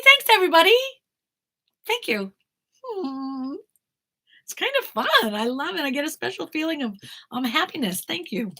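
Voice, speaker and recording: Woman, talent manager, blunt and outspoken, casual live q&a, bright tense voice, fairly high. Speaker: talent manager answering viewer questions.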